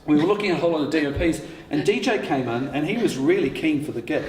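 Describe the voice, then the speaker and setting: A man's voice: fairly high pitch, animated, fast talker, darkish tone. Man in his fifties telling stories with a laugh. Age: 50s. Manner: laughing, swearing, full of restarts. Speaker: writer and co-creator on a panel. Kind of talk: candid anecdotal panel talk. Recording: echoey hall with faint noise.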